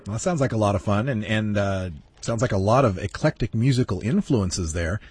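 A man's voice: lowish voice, expressive, brisk, a little mellow, slightly rough, no echo. A man hosting a podcast interview, talking in a laid-back, easygoing way. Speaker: podcast host. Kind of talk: casual interview chat.

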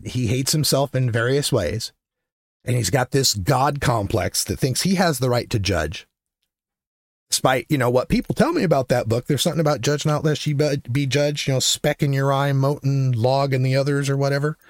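A man hosting his own show, telling a story in a casual monologue. He is blunt and profane, gets louder and higher as he gets worked up, and laughs between lines. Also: no echo, studio quality. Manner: animated, rising to near-shouting when worked up, laughs between lines. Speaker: podcast host.

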